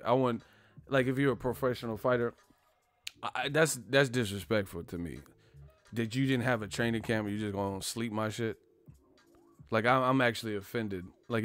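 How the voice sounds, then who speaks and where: A man riffs in an animated, profane, joking way while hosting a casual boxing chat. His voice sits in the middle range and sounds dry and close to the mic. Faint music plays behind him. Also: medium pitch, clear, resonant tone, no room sound. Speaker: boxing commentary host.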